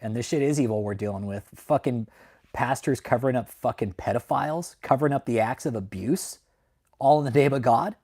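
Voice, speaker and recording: A man's voice: medium pitch, a little fast, darkish tone. Young dude ranting on his channel, cusses constantly, drifts from thought to thought, says man a lot. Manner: heavy swearing, repeats "man" and "like", rambling and emotional. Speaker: channel host. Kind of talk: casual livestream talk to viewers.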